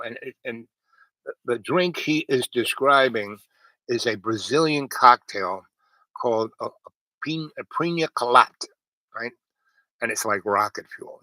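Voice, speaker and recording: A storyteller host with a mid-range voice and sharp tone tells a long, rambling personal story in a casual way. He meanders, packing in fillers and restarts and quoting what others said. The low-quality recording has no echo.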